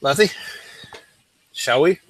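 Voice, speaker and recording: Male player, bright tone, dry sound, methodical questioner. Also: on the high side, expressive, slow, slightly rough, no room sound, poor audio. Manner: methodical, asks pointed questions. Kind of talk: tabletop game chat.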